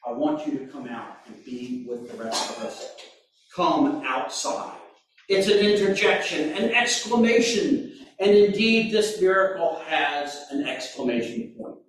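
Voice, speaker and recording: Male pastor, fairly high voice, slow sermon delivery, very echoey church room, mic set back. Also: animated, recorded from a distance. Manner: slow, deliberate preaching with sudden emphatic bursts.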